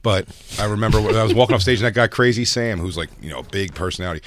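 A man's voice: lowish voice, rapid-fire, no room sound, clean studio sound. A man hosting a casual chat, telling profane, rambling stories and restarting his sentences. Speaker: podcast host.

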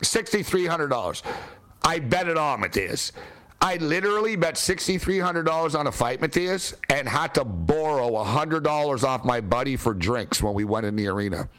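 A man telling a story in casual chat, animated and laughing as he talks, with some swearing. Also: medium pitch, moderate pace. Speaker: podcast guest telling a story.

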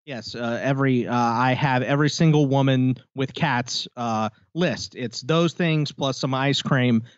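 A man's voice: medium pitch, measured pace, clean tone, no echo, muffled recording. A man co-hosting a podcast, telling a story in casual chat and acting out the people in it. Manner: animated storytelling with quoted voices. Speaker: podcast co-host.

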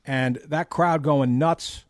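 A man co-hosting sports talk radio, speaking thoughtfully with some halting restarts. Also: a little high, fairly even intonation, no room sound, clean studio sound.

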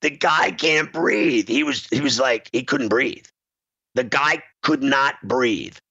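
A man hosting sports talk, telling a rambling story in an animated way and laughing often. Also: mid-range voice, slow pace, breathy edge, dry recording, dull audio.

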